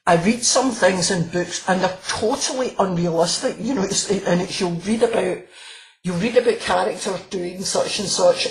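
A woman who is a crime author and former police officer chats in a casual interview, often restarting sentences and laughing as she tells stories. Her voice is on the low side and a little mellow, and the recording is rough.

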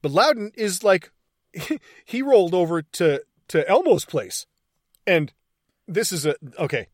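A man recaps a film scene by scene, swearing freely and getting excited about the acting. His voice sits a little high for a man, and the recording is dry and close. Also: unhurried, no room sound. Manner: excited, profane retelling of scenes. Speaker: podcast host. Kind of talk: casual film recap chat.

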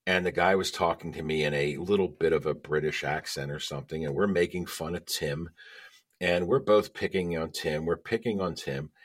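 A man's voice: very deep voice, fairly even intonation, moderate pace. A middle-aged man, a podcast guest, telling stories emphatically in casual chat and checking in with "okay?".

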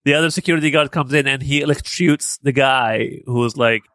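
Man co-host, casual chat; mid pitch, easygoing, dry close-miked sound. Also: moderate pace, dry recording. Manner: relaxed, agreeable, recounts scenes with quoted lines. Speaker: podcast co-host.

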